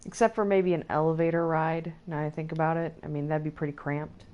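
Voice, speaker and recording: A woman's voice: sits low, fairly even intonation, fairly quick, darkish tone, muffled recording. A woman streamer giving chatty, giggly commentary while playing a video game, talking back to the characters on screen. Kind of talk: casual let's-play commentary.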